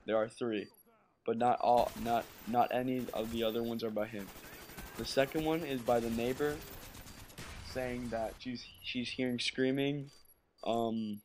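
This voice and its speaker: A man's voice: mid-range voice, darkish tone, slight background noise. A young man doing casual voice-over commentary over gameplay, nervous and stumbling, often repeating words and asking "right?".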